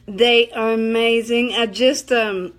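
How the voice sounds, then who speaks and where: A middle-aged woman, hosting a live stream, chatting casually and telling a rambling story with frequent laughs. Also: on the high side. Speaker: livestream host.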